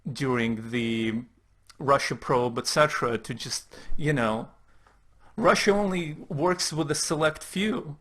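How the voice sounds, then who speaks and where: A man's voice: mid-range voice, slow, a bit bright. A man giving sarcastic, profane commentary on political tweets as a YouTube host. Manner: mocking, profane asides.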